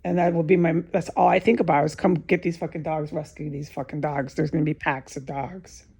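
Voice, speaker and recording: Husky, gravelly low-voiced woman venting. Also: steady tone, a little fast, a little mellow. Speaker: vlogger giving testimony. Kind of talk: unscripted emotional monologue to camera. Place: alone in an indoor room.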